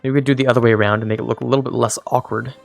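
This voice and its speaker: A young man streams a strategy game, rambling casually in gameplay commentary, poking fun at himself and talking to his units. His mid-range voice is creaky and flat, and he speaks in rapid-fire bursts. Faint music plays behind him.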